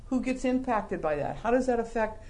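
Animated middle-aged man teaching scripture. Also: very high voice, normal speed. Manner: animated, rhetorical questions, joking asides. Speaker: Bible class teacher. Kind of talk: sermon-style Bible lesson.

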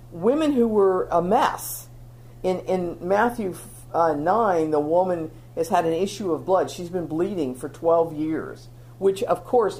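A woman gives a sermon-style Bible lesson, her voice sitting on the lower side and swinging widely in pitch as she makes her points. She talks earnestly and conversationally, often doubling back to restart a phrase. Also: a little mellow. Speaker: Bible teacher.

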